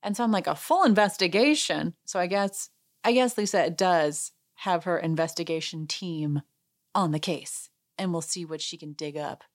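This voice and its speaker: A woman with a slightly low voice hosts a podcast, recapping reality TV in a loose, chatty way. She acts out quoted lines with sudden lively leaps in her voice before settling back into her easy talk. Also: normal speed. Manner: chatty, reenacts quotes with animated voice jumps. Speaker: podcast host. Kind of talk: casual recap chat.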